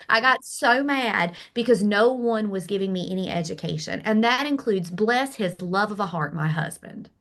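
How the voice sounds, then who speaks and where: A middle-aged woman guest candidly telling a personal story, emphatic and animated. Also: mid-range voice, normal speed. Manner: animated, emphatic, acts out quoted dialogue. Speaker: podcast guest.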